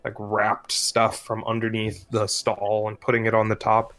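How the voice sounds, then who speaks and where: A man as game master, narrating a tabletop game in a loose, relaxed way, filling his lines with "like". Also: on the low side, normal speed.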